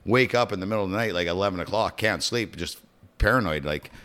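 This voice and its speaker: A middle-aged man hosting a podcast, telling stories in a profane, animated way that swings from hushed to shouting. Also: low voice, fast. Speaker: podcast host. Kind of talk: casual storytelling.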